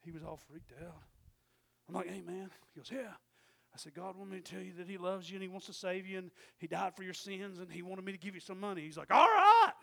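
Gravelly high-voiced preacher. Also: male voice, flat delivery, fast talker. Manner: swings from loud emphatic preaching to quiet storytelling. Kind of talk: sermon with personal story.

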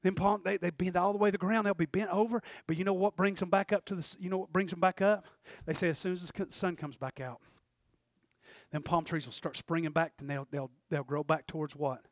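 Man, preacher, high voice, dry sound, shouts at the peaks. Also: steady tone, fairly quick, no echo. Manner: shouts and climbs in pitch at peaks, calls for amens. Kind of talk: sermon.

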